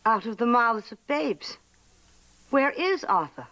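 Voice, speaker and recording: An actress in a 1950s western playing a calm, steady woman who questions people firmly and coaxes children. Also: on the high side, takes it slowly, full character voice. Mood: probing. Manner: firm, coaxing and probing. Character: steady grown woman, calm family mainstay. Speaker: actor in a western film. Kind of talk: 1950s film acting.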